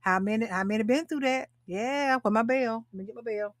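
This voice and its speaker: A live talk show host and coach for women, in her sixties, talks fairly quickly in a slightly high voice, captured by a webcam or phone mic with dry, studio-quality sound. She repeats her phrases emphatically and keeps calling out to those watching.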